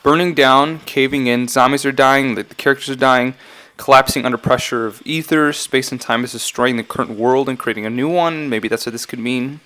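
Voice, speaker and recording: A man talks loosely through song lyrics for his channel, in a mid-pitched, unhurried voice. He drifts between thoughts, corrects himself mid-sentence and keeps sounding unsure of his own readings. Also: fairly even intonation, fairly bright tone. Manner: rambling, self-correcting, often unsure. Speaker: YouTuber analyzing game song lyrics. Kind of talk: casual commentary vlog.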